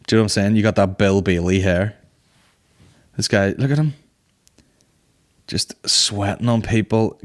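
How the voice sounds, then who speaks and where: A man hosting a comedy podcast in a casual monologue, rambling, swearing freely and laughing at his own jokes. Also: on the low side. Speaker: podcast host.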